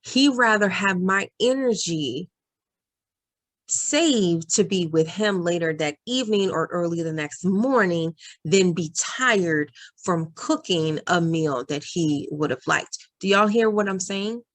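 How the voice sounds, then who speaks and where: A woman's voice: on the low side, slow. A woman coach talking straight to her viewers in an encouraging, earnest vlog, giving advice to working moms and calling them "y'all". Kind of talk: direct-to-camera advice vlog.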